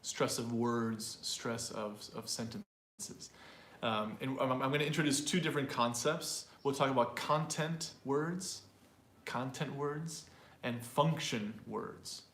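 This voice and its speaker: A man's voice: medium pitch, slow, a bit bright. A male language teacher leads an online pronunciation lesson in a loose, chatty way. He repeats example phrases aloud to show how they sound, with a mid-range voice. The room gives his voice a noticeable echo. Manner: loose and chatty, with fillers and small laughs.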